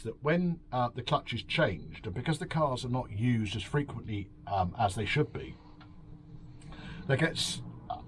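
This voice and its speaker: Bloke ranting over beers, sweary and sarcastic, voice jumps up and down a lot, faint room noise. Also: male voice, mid-range voice. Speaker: host. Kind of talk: drunken rambling review. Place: home, drinking beer.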